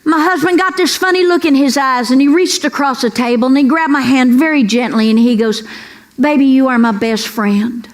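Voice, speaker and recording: A woman's voice: high voice, a little fast, few pauses. A woman comedian doing a brash, folksy stand-up routine on a club stage. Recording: live club with crowd laughter and noise. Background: audience laughter.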